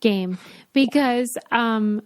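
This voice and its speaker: A woman's voice: on the high side, drawn-out words, smooth, no echo, clean studio sound. A woman co-hosting a podcast in casual chat, wry and steering the talk along. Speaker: podcast co-host.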